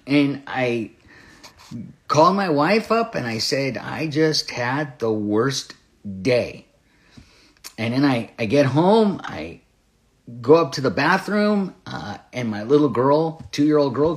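A young-adult man pastor giving an online bible teaching in an earnest, confessional way, with many fillers and restarts. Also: mid-range voice.

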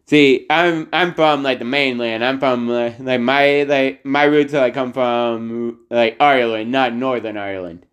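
Slow, filler-heavy man co-hosting an unplanned podcast chat, reads stories haltingly. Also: medium pitch, steady tone, fairly bright tone. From United States. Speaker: podcast co-host. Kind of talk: casual chat, reading a news story aloud.

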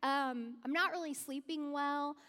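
A woman's voice: sits high, bright, forceful tone, long reverb tail. A woman voicing a tired, down man chatting at a grill, speaking hesitantly with many fillers. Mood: weary, hesitant. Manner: hesitant, halting, full of fillers.

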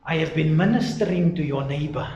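A man preaching a sermon emphatically, swinging from loud exclaiming to low, quiet delivery. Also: a little fast, roomy sound, lo-fi sound, slight background noise.

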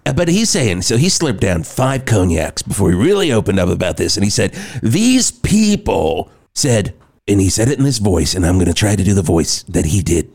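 Guy hosting a comedy radio bit, rambling deadpan stories, voice jumps around a lot. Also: deep voice, quick pace, hardly any pauses, husky. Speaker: radio host. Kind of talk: improvised comedy banter.

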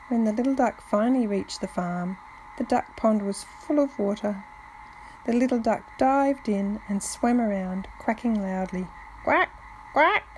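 A woman reading a children's picture book aloud to family, gently, with soft whispered touches. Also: medium pitch, a little hiss or hum, rough recording. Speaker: family storyteller.

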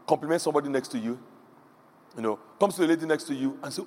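A man's voice: fairly high pitch, very fast, a little mellow. A middle-aged man preaching a sermon, telling stories with animation and acting out the voices he quotes. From Nigeria. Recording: echoey hall, faint background hum.

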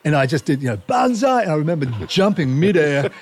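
A middle-aged man, a marine scientist telling stories as a guest, animated and often laughing. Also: on the high side, quick pace. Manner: animated, laughs often, restarts mid-phrase. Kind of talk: casual storytelling chat.

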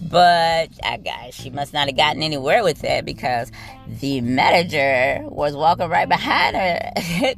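A woman's voice: low voice, gravelly. A woman who works as a nurse, telling a work story in a blunt, profane, sassy rant and talking straight to her listeners.

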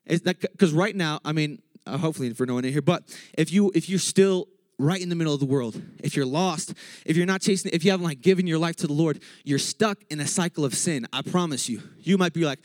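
Excitable male preacher, casual church sermon, jokes and interrupts himself, raised pitch, dry close sound. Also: brisk, no room sound. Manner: excitable, joking, self-interrupting.

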